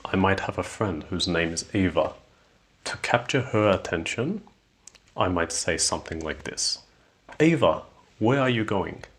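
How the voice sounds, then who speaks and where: A man teaching an English lesson on intonation, explaining slowly and clearly with spoken examples. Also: sits low, fairly bright tone. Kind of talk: scripted lesson narration.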